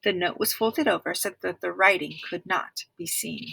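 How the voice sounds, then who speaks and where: A woman reading a children's book aloud with clear, expressive storytelling, now and then speaking to listeners. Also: on the low side, normal speed, a little hiss or hum, poor audio. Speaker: reader.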